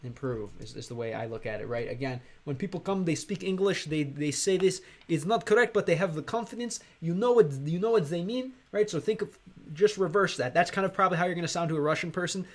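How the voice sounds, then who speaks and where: An American man from Chicago chatting casually on a livestream, rambling and halting, with many fillers and restarts. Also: fairly high pitch, animated. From Chicago, USA. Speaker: streamer and language learner.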